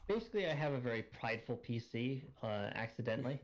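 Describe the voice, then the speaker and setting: A man's voice: mid-range voice, lively intonation, quick pace. A man in casual voice-chat talk, his voice run through an auto-tune changer, rambling with lots of fillers as he looks things up. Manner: rambling, searches aloud, many fillers.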